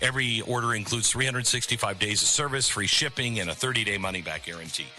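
A man's voice: on the low side, quick pace, pushed and bright, soft background music. A middle-aged man hosting a talk radio show, speaking in a conversational, rambling way with sarcastic asides. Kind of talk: talk radio monologue with live ad read.

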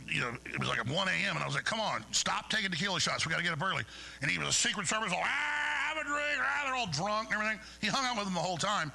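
A man's voice: a little high, vocal fry, pushed and bright, slightly rough, poor audio. A middle-aged man hosting a talk show, ranting angrily and going off on tangents while mocking his opponents. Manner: angry, digressive, mocking impressions. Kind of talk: ranting monologue.

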